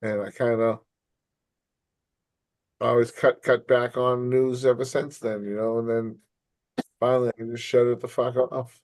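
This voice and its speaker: A middle-aged man tells stories in a loose, profane chat. He acts out the other people in them with lively voices. His voice is dry and close to the mic, with no room sound. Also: mid-range voice, a little slow, pauses often, no room sound. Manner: profane, animated storyteller acting out quotes. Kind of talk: casual chat.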